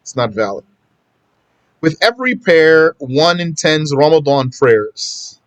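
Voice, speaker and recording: A man's voice: a little high, lively intonation, slow, dry recording, lo-fi sound. Man giving a casual, repetitive religious lesson. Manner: conversational, repeats points for emphasis. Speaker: Islamic teacher.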